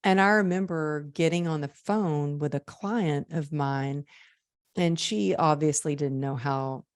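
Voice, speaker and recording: A woman guest on a podcast, telling personal stories in a lively conversational way. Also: low-pitched, unhurried, dry recording, clean studio sound. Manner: lively, acts out quoted voices. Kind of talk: conversational storytelling.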